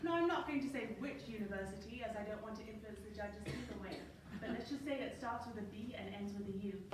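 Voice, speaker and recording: A woman's voice: medium pitch, fast talker. A woman in her thirties from Zimbabwe with a Zimbabwean accent, telling a story on stage in a wry, playful way. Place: large hall. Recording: distant, echoey hall, faint hum.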